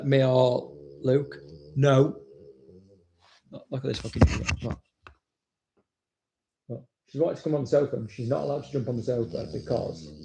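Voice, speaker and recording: A man's voice: medium pitch, creaky. A man, a dog trainer, chatting casually, blunt and swearing freely. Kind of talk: casual chat.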